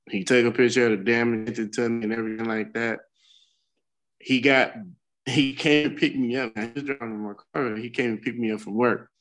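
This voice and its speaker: A man's voice: on the low side, fairly bright tone, low-quality recording. Candid, cussing man telling a story. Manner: candid, profane storytelling with bursts of laughter. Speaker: podcast co-host. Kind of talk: casual chat.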